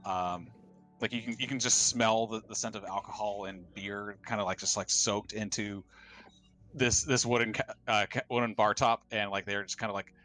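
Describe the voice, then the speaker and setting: A man's voice: on the low side, fairly even intonation, normal speed, bright, forceful tone, faint music behind. A man narrating as game master of a tabletop game, hesitant and full of fillers and restarts.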